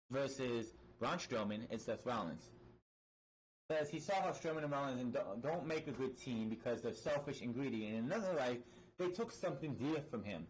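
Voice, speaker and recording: A man's voice: mid-range voice, a little hiss or hum, low-quality recording. A man giving a casual, opinionated recap of a wrestling show, blunt and emphatic, swearing freely and often restarting his sentences.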